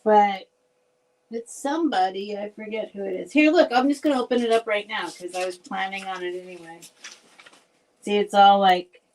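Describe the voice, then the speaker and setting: A woman hosting a casual live vintage sale, chatty and rambling, laughing often and thinking out loud. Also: mid-range voice, moderate pace, low-quality recording. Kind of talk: casual live selling chat.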